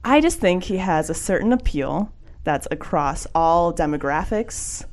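A woman's voice: on the low side, animated, unhurried, a little mellow. A woman co-hosting a podcast, chatting enthusiastically and giggling as her thoughts trail off. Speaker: podcast co-host. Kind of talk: casual comedic chat.

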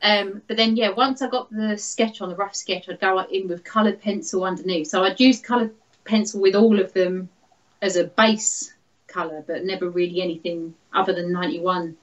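A woman, a guest artist talking casually in an interview, often laughing and filling pauses with "um". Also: medium pitch, steady tone, dull audio. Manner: chatty, laughs often, many fillers.

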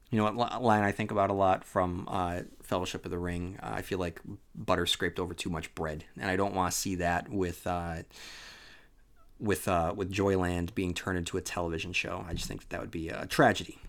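A man's voice: on the low side, vocal fry. A sleepy man hosting a podcast from home, talking casually about a book with lots of fillers and restarts. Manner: rambling, many fillers and restarts. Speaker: podcast host. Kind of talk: casual solo book discussion. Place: home on a rainy day.

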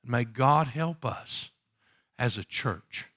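A man, a pastor preaching a passionate sermon, swinging from loud emphatic calls to hushed pleading and asking the congregation rhetorical questions. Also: mid-range voice, expressive, slow pace.

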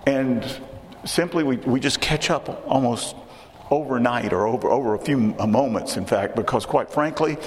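A man with a Texan accent delivers a sermon in a relaxed, conversational manner, doubling back on his words as he goes. His voice sits at an ordinary pitch. A long reverb trails behind him, with faint noise underneath. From Texas. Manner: conversational, repeats words and restarts. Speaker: preacher.

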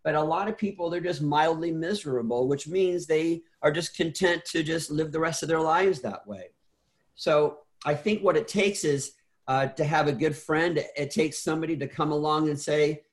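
Middle-aged male guest, earnest storyteller, a bit high-pitched, trips over repeats. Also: normal speed. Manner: earnest, repeats words, many restarts. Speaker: interview guest. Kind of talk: casual interview storytelling.

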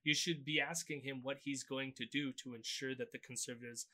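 A man's voice: mid-range voice, fairly even intonation, brisk, bright, forceful tone. A man co-hosting a podcast, recapping clips in a loose, sardonic casual chat. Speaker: podcast co-host. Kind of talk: casual political commentary chat.

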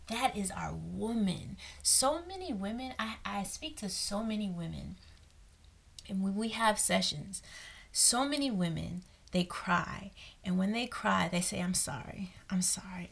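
A woman's voice: mid-range voice, gravelly, a bit bright, husky. A young woman coach giving an earnest faith-based talk to women, repeating phrases and dropping into whispers for emphasis.

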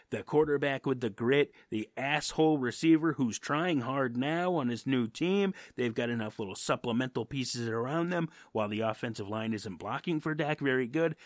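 A man's voice: mid-range voice, no room sound, clean studio sound. A man co-hosting a football podcast, ranting his opinions in a brash and profane way. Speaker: podcast co-host. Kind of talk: casual sports podcast rant.

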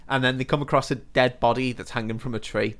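A man's voice: medium pitch, steady tone, fast, a bit bright. A man, co-hosting a podcast and casually retelling a film's plot between laughs. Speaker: podcast co-host. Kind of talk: casual film-recap chat.

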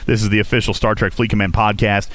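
A man's voice: fairly low pitch, flat delivery, quick pace, fairly bright tone, no echo. A man hosting a gaming podcast, talking casually and coaching listeners, often checking in with "okay?". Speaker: podcast host.

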